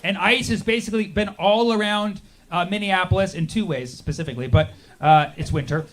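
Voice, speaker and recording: High-voiced man doing sarcastic stand-up. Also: a bit bright. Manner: sarcastic, acts out characters in quick bursts. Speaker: stand-up comedian. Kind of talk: stand-up comedy set. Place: comedy stage with a laughing audience.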